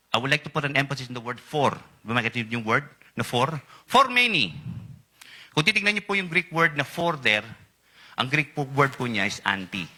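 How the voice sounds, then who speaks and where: A male preacher with a Filipino accent delivers a sermon in a voice that is bright and piercing. His pitch swings widely, leaping up on the words he wants to stress, and he keeps checking in with the congregation for an answer. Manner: switches between English and Tagalog, asks the congregation for responses; rises sharply in pitch on emphasized words.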